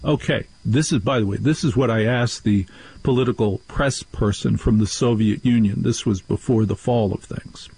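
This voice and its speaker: Man, radio host, husky voice, animated storyteller, does the voices of people he quotes. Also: fairly low pitch, normal speed, poor audio. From New Jersey. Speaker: radio talk show host. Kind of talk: talk radio monologue.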